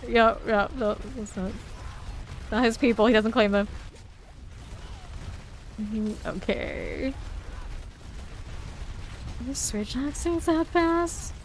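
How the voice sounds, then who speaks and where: Here the Southern-accented game streamer speaks slowly in a slightly high voice, leaving long pauses, with a little background noise behind her. She stays chatty and self-teasing, talking to chat and laughing frequently while she plays.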